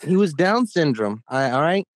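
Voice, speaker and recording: A young man with a slightly high voice rambles through a crude, profane story, his emphasis jumping around as he goes. He is close to the mic in a dry, dead-sounding room with no echo at all. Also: big pitch swings, moderate pace. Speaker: podcast co-host. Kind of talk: casual crude podcast banter.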